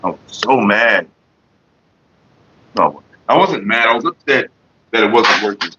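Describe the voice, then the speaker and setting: A man hosts a casual livestream, rambling through stories and calling out to viewers in the chat. His voice is bright and a little husky. The stream audio sounds dull and lo-fi. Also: fairly low pitch, expressive, measured pace. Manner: loose storytelling, greets chat viewers. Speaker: livestream host.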